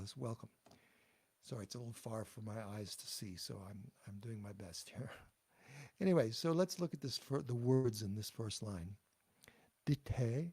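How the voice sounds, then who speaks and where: A man giving a patient pronunciation lesson over a video call, talking in a halting way with many fillers and restarts. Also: medium pitch, creaky, warm tone, breathy edge. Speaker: teacher.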